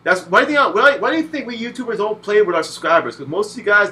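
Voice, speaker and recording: High, bright-voiced cursing young gamer. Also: male voice, fast talker, few pauses, a little hiss or hum. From Puerto Rican. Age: 20s. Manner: heavy cursing, animated, mimics voices. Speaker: game reviewer. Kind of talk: profane video game review rant.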